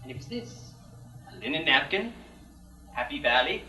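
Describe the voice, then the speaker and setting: A man's voice: a little high, big pitch swings, normal speed, bright, forceful tone, faint music behind, heavily acted. A man performing a grand, catty drag lady persona, hosting live comedy before a theatre audience in a campy, mock-refined manner. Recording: fuzzy 1980s VHS air check, roomy and distant.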